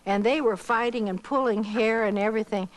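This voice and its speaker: A woman's voice: fairly high pitch, brisk, low-quality recording. Older woman telling a vivid life story. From Iowa, United States. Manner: storytelling, acting out others' lines with lively voices. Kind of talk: spoken personal testimony.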